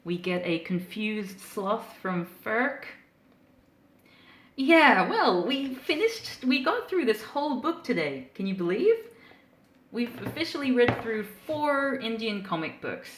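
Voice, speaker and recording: Woman, live streamer, casual chat, giggly, lively swooping pitch, roomy echo. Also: slow pace. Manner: playful, giggly, reacts to chat. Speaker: live streamer reading comics.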